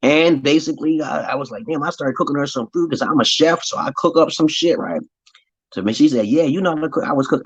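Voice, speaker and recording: A man tells a rambling personal story straight to the camera, swearing freely and breaking into exaggerated voices whenever he quotes someone. His voice sits at a middle pitch. The sound is dry and close, with dull, lo-fi audio. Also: breathy edge, no echo. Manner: profane, animated, acts out quoted voices. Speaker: vlogger. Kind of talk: casual storytelling monologue.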